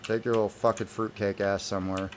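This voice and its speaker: A man talks over his gameplay in a fairly low voice, irritated and swearing nonstop. He speaks into a desk microphone with a faint hiss underneath. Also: flat delivery, a little fast. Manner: irritated, heavily profane ranting. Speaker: gamer. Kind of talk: gameplay commentary.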